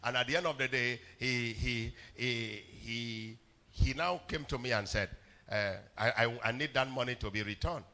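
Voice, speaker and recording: A male pastor preaching a sermon in church, telling stories, often stammering on words and building up to shouts. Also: medium pitch, moderate pace. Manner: storytelling preacher, rising to shouts, stammered repeats. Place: church hall.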